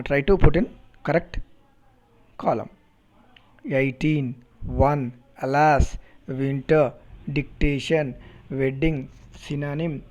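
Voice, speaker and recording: Slow, mellow-voiced Indian English teacher. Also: male voice, a little high. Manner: slow, deliberate, repeats words to model pronunciation. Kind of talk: recorded phonetics lecture. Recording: dull lo-fi recording.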